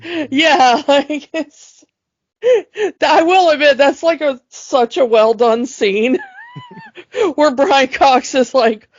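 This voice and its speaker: Slow-talking woman co-host, casual chat. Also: high voice, no echo. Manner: chatty retelling with many fillers and laughs. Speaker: podcast co-host. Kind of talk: casual chat about a film. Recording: dull lo-fi dry sound.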